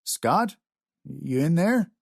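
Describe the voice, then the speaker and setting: A man voicing a gentle, lonely old great-grandfather. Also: a little high, very animated, extremely slow, vocal fry, dry recording, clean studio sound, pitched above the performer's own voice, heavily acted. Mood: coaxing. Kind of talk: audiobook character voice.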